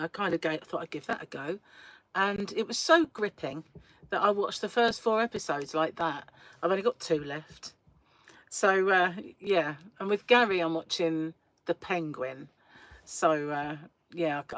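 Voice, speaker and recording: With no room sound, the recording captures a woman's lowish voice. She's English, hosting a crochet livestream from a small room at home and chatting casually with viewers, rambling and often laughing.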